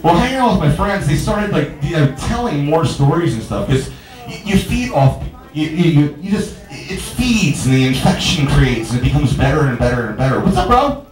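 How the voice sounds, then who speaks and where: A man's voice: on the high side, very animated, normal speed, faint music behind. A man doing a stand-up comedy set in a small bar, telling rambling, stammering stories and bantering with the crowd. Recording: echoey bar room.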